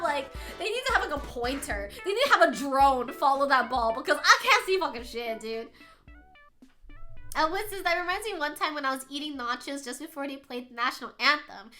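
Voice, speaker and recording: A woman's voice: high-pitched, sharp tone. A young adult woman streaming, chatting casually with viewers, laughing often and swearing freely.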